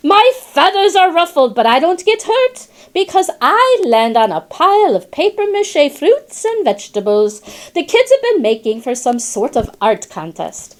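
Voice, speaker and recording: With big pitch swings in a high voice and a moderate pace, a woman narrates as a wry, talkative female parrot in a classroom storybook. The parrot rhymes, slips in sly asides, and throws in Spanish words.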